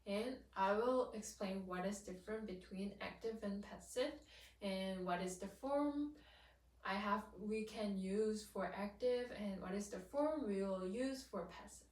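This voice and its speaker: A woman's voice: medium pitch, a little slow, a little mellow, recorded from a distance. A woman whose first language is Korean, teaching an English grammar lesson in a patient, careful way, repeating herself and stressing her example sentences. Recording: echoey room, voice off-mic.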